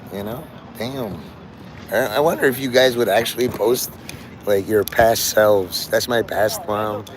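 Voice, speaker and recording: Rambling, profane man on a loud street. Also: on the low side. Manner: rambling, profane, dark joking asides. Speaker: livestreamer. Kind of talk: rambling street livestream chat. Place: outdoors on a city street. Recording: loud street traffic noise. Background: vehicles and city ambience.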